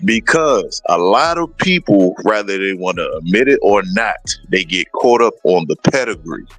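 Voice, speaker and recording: A man talking in a casual livestream conversation as a guest breeder, animated and telling stories, acting out what other people say. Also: sits low, normal speed, no echo, soft background music, poor audio.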